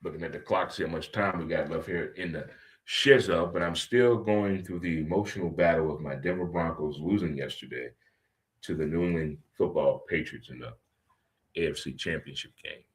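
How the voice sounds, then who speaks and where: A man hosting a casual talk radio show, joking and animated, swinging between loud outbursts and low muttering. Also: normal speed. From St. Louis.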